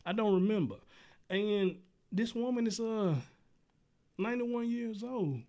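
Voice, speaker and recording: A man's voice: sits high, unhurried, warm tone. A man hosting a talk show, telling stories in a loose, casual way, swearing freely and calling listeners dude and brother. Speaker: show host.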